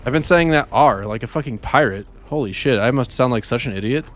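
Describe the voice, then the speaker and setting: A man's voice: mid-range voice, animated, a little fast. A man streaming a game, rambling casually about words he says oddly and chatting with viewers as he plays. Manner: rambling, self-deprecating, chats with viewers while playing. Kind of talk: casual gaming stream chat.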